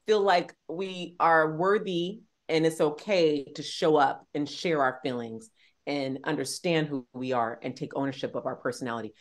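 A woman's voice: low voice, moderate pace. A woman co-hosting a conversation, thoughtfully asking searching questions in a casual chat. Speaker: co-host.

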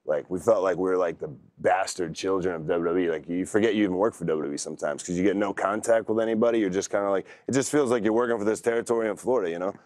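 Low-voiced laid-back man. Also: racing, few pauses, darkish tone, no room sound. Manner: laid-back, rambling storytelling. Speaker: wrestler guest. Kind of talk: casual interview talk.

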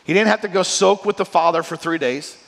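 A male pastor preaching a sermon in a lively, conversational way, often checking in with "right?". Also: high voice, brisk, gravelly. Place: church sanctuary. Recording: long church hall reverb.

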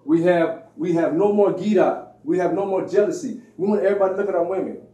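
A man's voice: sits high, fast, mellow. Slangy preaching man, echoey and distant. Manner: preachy, slangy, acts out quoted voices. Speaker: religious speaker. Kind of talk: informal religious lecture. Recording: echoey room, distant mic.

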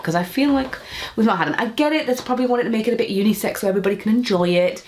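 A woman's voice: medium pitch, expressive, quick pace, a little hiss or hum. A young woman chatting casually while unboxing beauty products, rambling with lots of fillers. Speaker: beauty vlogger.

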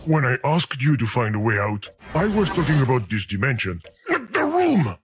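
A man's voice: medium pitch, expressive, fairly quick, a little hiss or hum, natural voice. A man voicing a talking video game that frets over and scolds the player in a theatrical way. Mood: flustered.

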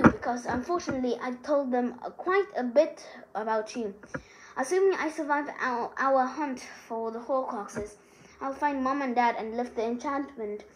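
A woman's voice: high-pitched, a little mellow, a little hiss or hum, lightly acted, low-quality recording. A woman voicing an anxious, bookish teenage witch who talks earnestly and stammers.

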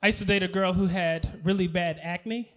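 A man's voice: sits high, steady tone, moderate pace, a bit bright, slight background noise. A man performing a stand-up comedy set, telling stories and acting out both sides of conversations, often laughing at his own jokes.

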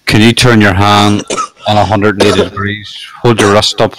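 Male mate on stream, lowish voice, blunt and sweary, clear engine noise behind. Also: flat delivery, moderate pace. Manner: blunt, matter-of-fact, sweary. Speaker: friend on the stream. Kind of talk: casual banter.

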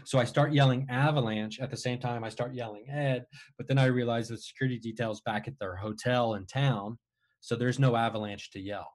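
A man casually telling a long personal story, rambling with frequent restarts and animated retellings. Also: mid-range voice, fairly quick. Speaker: guest storyteller.

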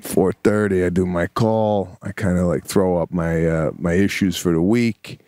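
A man's voice: sits low, steady tone, unhurried, mellow, dry recording, studio quality. A man co-hosting a podcast, talking in an easygoing, reflective, casual way with some swearing. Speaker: podcast co-host. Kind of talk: casual chat.

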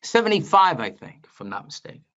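An older man recounts his past in an interview, stopping and restarting as he goes and then getting animated. The audio is a little muffled and lo-fi. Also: a little high, fast. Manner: rambling, animated anecdotes with many restarts. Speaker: guest, veteran market analyst. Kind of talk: storytelling interview.

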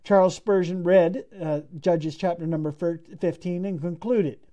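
A man's voice: high-pitched, fairly even intonation, normal speed, dark tone. A man preaching a sermon in an earnest, emphatic way, repeating phrases for weight.

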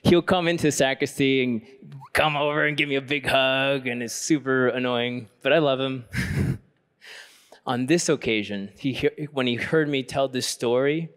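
At a youth conference workshop, a male Catholic priest shares a personal story in an earnest, reflective manner. His voice is steady, fairly bright and clean at a normal speed, and it turns fervent when he starts preaching.

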